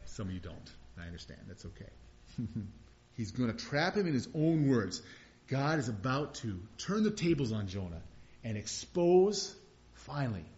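A man's voice: mid-range voice, big pitch swings, normal speed, darkish tone. A man preaching a sermon in a conversational way, chuckling now and then and rising into emphatic bursts. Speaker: pastor. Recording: dull lo-fi sound.

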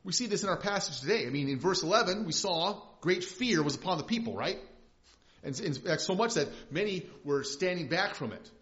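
A man's voice: high-pitched, animated, fairly quick, a bit bright. A male pastor giving a conversational, emphatic sermon, often restarting his phrases. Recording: slightly dull lo-fi recording.

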